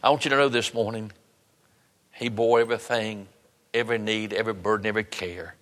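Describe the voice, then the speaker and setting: A man's voice: lowish voice, fairly even intonation, a little fast, fairly bright tone, long reverb tail. A man preaching a sermon and leading an altar call, earnest and pleading, repeating his phrases for emphasis. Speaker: pastor.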